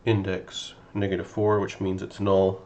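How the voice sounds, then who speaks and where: A man's voice: low voice, completely flat delivery, measured pace, a little mellow, a little hiss or hum. A man streaming game development, talking casually and muttering to himself as he debugs code. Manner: muttering to himself while debugging, thinking aloud. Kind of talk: casual live-stream chat while coding.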